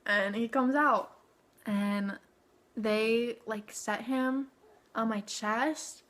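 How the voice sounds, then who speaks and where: A woman's voice: fairly high pitch, fairly even intonation, very slow, fairly bright tone. A young woman telling a personal story to camera in a chatty way, with lots of "like" and "okay?" asides. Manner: chatty, frequent "like" and "okay?" tag questions. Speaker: vlogger.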